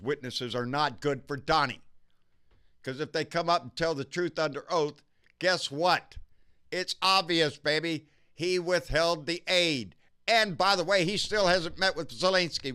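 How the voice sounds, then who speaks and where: Bright, clear-voiced Texan man ranting. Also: on the high side. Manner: profane, fired-up, repeats "baby". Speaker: political commentary host. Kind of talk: casual political rant.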